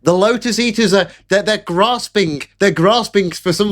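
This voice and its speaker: A man's voice: high-pitched, normal speed, hardly any pauses. A man delivering sarcastic, mocking political commentary in a ranting live stream. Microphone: camera setup at home.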